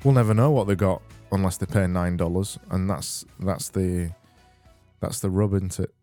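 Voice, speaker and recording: A man hosting a casual solo podcast, reading out listener messages with deadpan, rambling sarcasm. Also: low-pitched, normal speed, music in the background. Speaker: podcast host.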